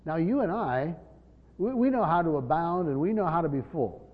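A man's voice: a little high, expressive, normal speed. A man preaching a verse-by-verse sermon as a pastor, earnest, often repeating words and leaning hard on key words. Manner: earnest, repeats words, stresses key words, voices imagined speakers. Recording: dull lo-fi church hall recording with long reverb.

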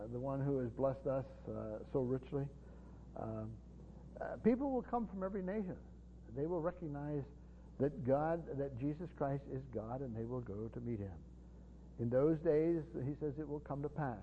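A man teaching a Bible sermon as a pastor, earnest and explanatory, with frequent fillers and restarts. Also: on the high side. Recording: dull long-reverb hall sound.

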